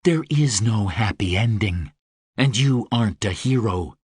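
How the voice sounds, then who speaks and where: A male audiobook narrator voicing a cold, menacing winged woman warrior, speaking low, slow and threatening. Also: lively intonation, a little mellow, slightly rough, no echo, studio quality.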